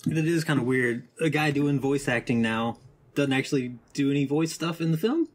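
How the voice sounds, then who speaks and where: Husky man making wry asides. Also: mid-range voice, lively intonation, normal speed. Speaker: podcast co-host. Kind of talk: casual podcast chat.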